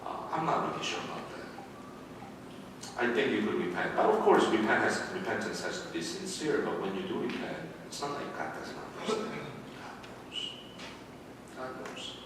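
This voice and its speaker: A man preaching a sermon as pastor, animated and repeating his words, sometimes acting out voices. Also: on the low side, moderate pace, background noise. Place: church sanctuary. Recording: echoey hall from a distance.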